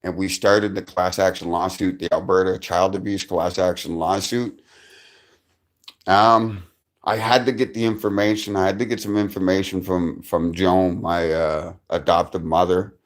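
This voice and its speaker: A man's voice: sits low, flat delivery, moderate pace. A man telling a rambling personal story on a live stream, swearing constantly and restarting his sentences.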